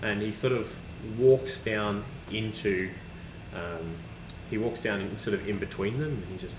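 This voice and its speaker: A man's voice: lowish voice, a little slow. A man narrating as game master of a tabletop game, rambling with many restarts. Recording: echoey room with background hiss.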